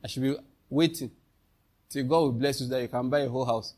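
A man's voice: medium pitch, quick pace, darkish tone. A man, preaching a sermon as pastor, emphatic and calling out questions to the congregation.

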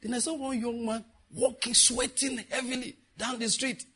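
Husky, bright-voiced man telling stories. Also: extremely high pitch, normal speed. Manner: laughing often, lively storyteller, preachy asides. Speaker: speaker giving advice to young people. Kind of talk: animated storytelling talk.

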